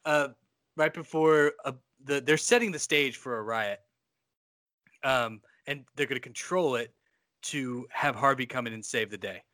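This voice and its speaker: A man with a mid-pitched, bright voice rambles loosely through his thoughts about a movie and swears casually along the way. The recording is close and dry, with no room sound around him. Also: measured pace, dry recording. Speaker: podcast co-host. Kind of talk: casual film discussion.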